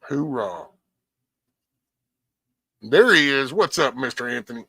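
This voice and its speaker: A man's voice: medium pitch, normal speed, fairly bright tone, no echo, studio quality. Blunt, cussing man on a livestream. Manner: blunt, profane, preachy. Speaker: livestream host. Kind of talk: casual rambling livestream chat.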